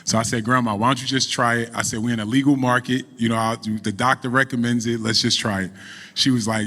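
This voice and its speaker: A middle-aged man, a guest on a podcast, telling a story in a relaxed, animated way and running a business. He falls into casual speech. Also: mid-range voice, fast, long reverb tail. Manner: animated storyteller, acts out quoted voices. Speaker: podcast guest, cannabis entrepreneur.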